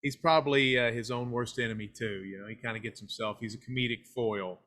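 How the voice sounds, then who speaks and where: A man's voice: medium pitch, fairly even intonation, brisk, a bit bright. A man with an East Tennessee accent, a filmmaker and wrestler guest, chatting casually and telling loose, folksy stories. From United States. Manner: folksy storyteller, slips into a hyped funky DJ persona. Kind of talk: casual podcast interview.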